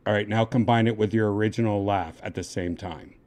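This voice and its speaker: Low-voiced man coaxing on a livestream. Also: fairly even intonation, a little fast, a little mellow. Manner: coaxing, giving step-by-step instructions. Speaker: livestream host. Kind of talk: casual livestream chat.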